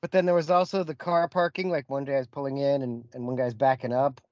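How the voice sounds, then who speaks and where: A man's voice: mid-range voice, fairly even intonation, fairly quick, a little mellow, no echo, highs cut off. A man chatting on a podcast, who laughs often and makes jokey asides. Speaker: podcast co-host. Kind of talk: casual chat.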